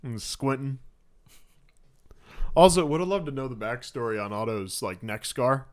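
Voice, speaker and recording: A man's voice: medium pitch, moderate pace. A man co-hosting a podcast, chatting casually about a film, rambling and swearing as he retells scenes. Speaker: podcast co-host. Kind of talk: casual movie discussion.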